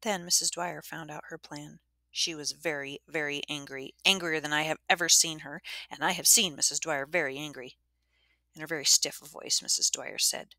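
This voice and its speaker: A woman narrating a storybook in the first person, gentle and measured, whispering the soft sound words. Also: low voice, steady tone, no echo. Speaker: audiobook narrator.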